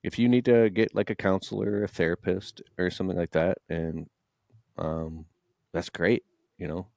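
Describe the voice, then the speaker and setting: A man's voice: low voice, steady tone, normal speed, vocal fry, a little mellow, no room sound, clean studio sound. A man in his late thirties, a guest entrepreneur, telling candid, emotional personal stories in conversation, swearing freely. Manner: raw, emotional, swears freely, mimics voices.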